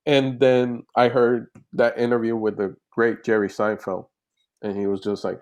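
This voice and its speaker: Chatty comedian on a video call. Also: male voice, mid-range voice, normal speed, dull audio. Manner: animated, rambling with restarts. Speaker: comedian guest. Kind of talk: casual interview chat over video call.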